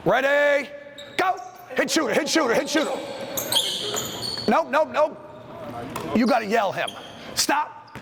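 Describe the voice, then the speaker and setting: Brief: male clinic coach, lively up-and-down delivery, snaps quick commands on court, faint noise behind. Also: high voice, vocal fry. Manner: brisk commands, calls out plays. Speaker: basketball coach leading a clinic. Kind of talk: on-court coaching drill instruction. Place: school gym.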